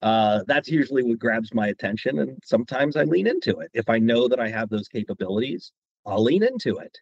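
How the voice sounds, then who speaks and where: A husky-voiced man tells stories from his career as a guest voice actor, animated and quick to slip into quoted voices. The sound is dry and a little dull, like a lo-fi recording. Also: mid-range voice, no echo. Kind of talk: interview storytelling.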